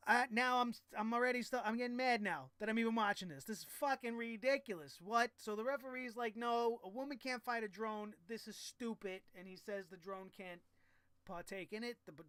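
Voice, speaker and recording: A man's voice: sits high, bright, forceful tone, smooth, dry recording. A man recapping a wrestling show in a casual, profane and exasperated rant, full of sarcasm.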